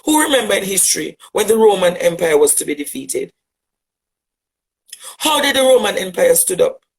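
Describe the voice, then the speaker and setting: A man's voice: sits high, sing-song, moderate pace, poor audio. Man, Jamaican accent, advocate, impassioned monologue, fiery, rhetorical, repetitive emphasis. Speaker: LGBTQ advocate. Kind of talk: impassioned monologue addressing a critic.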